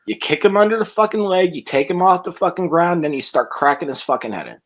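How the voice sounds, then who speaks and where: A man's voice: sits high, lively intonation, fast, a bit bright. A man in a casual stream chat, blunt, crude and swearing constantly.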